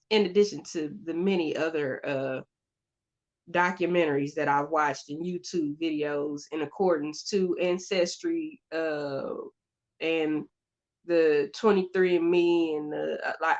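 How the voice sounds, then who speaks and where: A woman hosting her own show, telling a story in a casual, chatty way, halting with fillers and restarts, on a slightly dull, lo-fi recording. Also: low voice. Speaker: podcast host.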